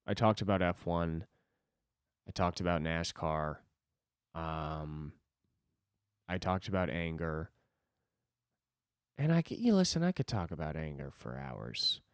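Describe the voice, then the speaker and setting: A man's voice: low voice, sing-song, unhurried, long pauses, clean tone, no room sound, clean studio sound. A young man hosting a solo podcast, rambling casually with lots of swearing and self-deprecating asides.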